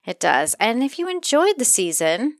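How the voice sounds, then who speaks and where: A woman's voice: fairly high pitch, sing-song, moderate pace, no room sound, clean studio sound. A woman co-hosting a podcast, chatting in an easygoing, teasing way while rating wine. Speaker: podcast co-host. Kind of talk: casual wine-tasting chat.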